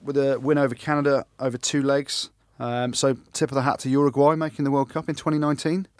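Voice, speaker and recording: A man co-hosting a rugby podcast, talking in casual, animated banter and often restarting his sentences. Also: mid-range voice, fast, no echo. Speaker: podcast co-host, rugby pundit. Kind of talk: casual chat.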